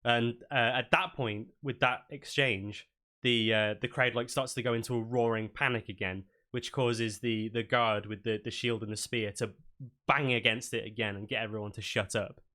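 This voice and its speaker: A man's voice: medium pitch, fairly even intonation, moderate pace, bright, forceful tone. A man narrating a tabletop game. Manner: loose, filler-heavy narration. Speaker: dungeon master.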